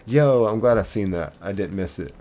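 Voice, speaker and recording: A man's voice: on the low side, animated, moderate pace, mellow. A man streaming a game live, chatting casually and reading viewer comments aloud.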